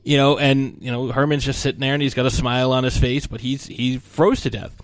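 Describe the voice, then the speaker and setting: A man's voice: mid-range voice, steady tone, fairly quick, no room sound. Man rambling through a movie plot. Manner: rambling plot recap, acts out lines. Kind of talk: casual movie discussion.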